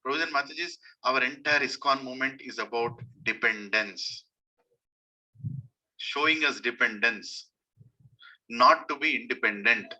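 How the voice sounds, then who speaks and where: A man's voice: mid-range voice, moderate pace, pauses often, pushed and bright, low-quality recording. A man with an Indian accent giving a devotional sermon, emphatic and repeating his key phrases. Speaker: preacher.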